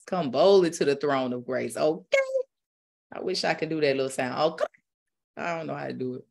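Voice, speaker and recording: Low-voiced woman preaching and guiding meditation. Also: creaky. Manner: preaching with rising fervor, then slow calm guidance. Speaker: spiritual teacher. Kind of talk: sermon then guided meditation.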